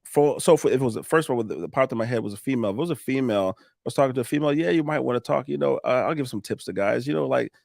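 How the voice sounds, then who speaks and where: A man talking casually on a podcast, coaching listeners on sales and connecting with customers in an animated way that swings between loud and quiet. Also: medium pitch, very fast, gravelly, hardly any pauses, dry recording, studio quality. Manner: animated, coaching, laughs often.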